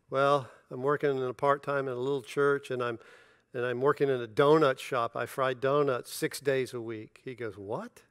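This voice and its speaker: A man's voice: medium pitch, clean tone, dry recording, studio quality. A middle-aged man preaching a sermon as pastor, telling personal stories with animation and acting out the dialogue. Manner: storytelling, animated, acts out dialogue with laughter.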